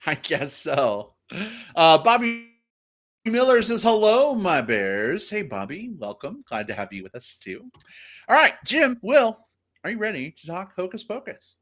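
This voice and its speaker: A man hosting a live podcast over a video call, upbeat and animated. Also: high voice, unhurried. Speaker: podcast host.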